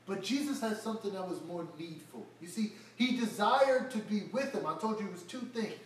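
A man's voice: high voice, expressive, fairly quick, slight background noise. A man preaching a verse-by-verse sermon, acting out the Bible characters in casual everyday speech. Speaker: pastor. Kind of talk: expository sermon. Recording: echoey room, voice from far off the mic.

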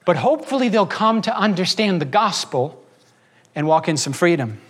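A man's voice: sits high, very animated, normal speed, fairly bright tone. A man preaching a sermon as a pastor, shifting his pace and acting out quoted voices as he goes.

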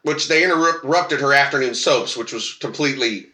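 A man's voice: medium pitch, normal speed, sharp tone, reverberant. A man on a casual podcast telling a long personal story, acting out quoted voices and swearing freely. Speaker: podcast co-host.

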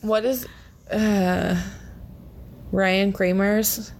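A woman's voice: mid-range voice, steady tone, drawn-out words, a little mellow, a little hiss or hum. A woman co-hosting a podcast in casual chat, rambling with lots of fillers. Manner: rambling, filler-heavy, giggly. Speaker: podcast co-host.

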